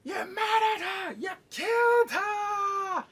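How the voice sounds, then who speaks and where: A man voicing an angry noblewoman who shouts accusations in a shrill, high voice. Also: slow pace, exaggerated voice. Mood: accusing.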